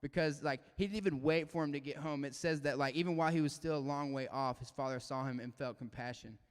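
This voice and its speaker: A man's voice: fairly high pitch, fast talker, clear, resonant tone. Chatty young man in a reverberant hall. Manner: casual, animated, constant "like" fillers. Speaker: youth speaker. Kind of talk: casual youth devotional talk.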